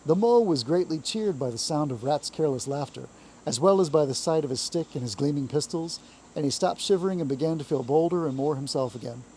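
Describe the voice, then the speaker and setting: A man reading a classic children's story aloud in a calm, measured storytelling voice. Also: fairly high pitch, slight background noise, low-quality recording.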